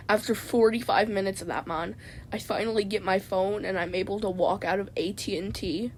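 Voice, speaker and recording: A woman's voice: medium pitch, slight background noise. A woman vlogger telling a rambling comedic story from inside a parked car, stammering and tacking "man" onto her sentences.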